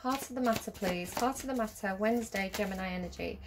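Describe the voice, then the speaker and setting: Woman tarot reader, casual, chatty, giggly, mid-pitched, lots of ums. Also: fast talker, background noise. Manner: chatty, giggly, rambling with many fillers.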